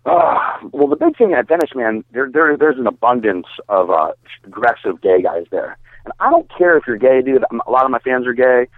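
A man's voice: mid-range voice, very animated, brisk, dry recording. A man, a bodybuilder guest, telling a story in a casual, rambling way, full of fillers and swearing. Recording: dry, tinny phone-like sound.

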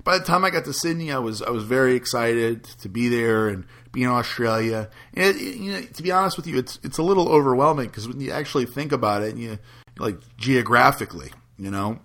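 A man's voice: mid-range voice, brisk, a bit bright. A man chatting casually as a podcast host, telling a rambling story with many restarts and frequent laughs. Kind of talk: casual chat.

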